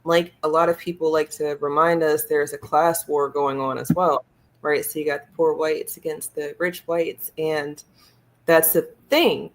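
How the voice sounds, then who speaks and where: Woman co-host with a lowish voice, thoughtful and measured, sometimes drags her words out. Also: fairly even intonation. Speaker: podcast co-host. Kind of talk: casual discussion.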